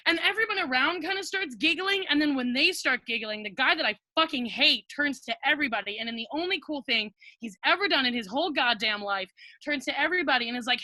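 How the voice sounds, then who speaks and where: A young woman telling a comic personal story on a video call, animated and self-mocking, acting out what people said. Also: high voice, a little fast, hardly any pauses, no echo. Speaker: storyteller, guest.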